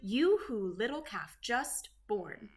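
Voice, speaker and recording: A woman reading a children's picture book aloud in a gentle, rhythmic way. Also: a little high, very animated, takes it slowly, a little hiss or hum. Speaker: storyteller.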